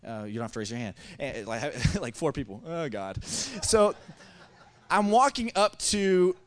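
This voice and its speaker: A man in his thirties from Missouri, preaching a sermon to a congregation as a lively storyteller who stumbles and restarts often. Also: fairly high pitch, a little slow. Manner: animated, acting out dialogue, many restarts. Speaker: pastor. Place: church service before a congregation.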